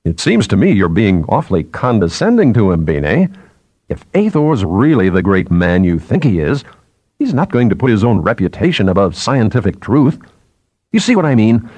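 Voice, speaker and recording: A man's voice: on the low side, big pitch swings, moderate pace, darkish tone, no room sound. A man voicing a probing male journalist who presses with blunt, challenging questions. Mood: persuasive.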